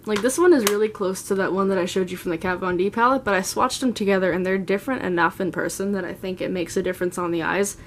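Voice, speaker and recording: A woman's voice: mid-range voice, steady tone, fast talker, few pauses, slight background noise. A woman in her twenties chatting through a casual makeup collection tour, gushing and rambling as she talks. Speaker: beauty vlogger. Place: at home, seated.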